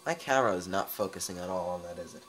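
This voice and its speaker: A man's voice: low voice, quick pace, slight background noise, poor audio. Chatty young man commenting on a game. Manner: chatty, sarcastic asides, bursts of excitement. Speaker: let's play host. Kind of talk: casual gameplay commentary. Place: room with camera filming the screen.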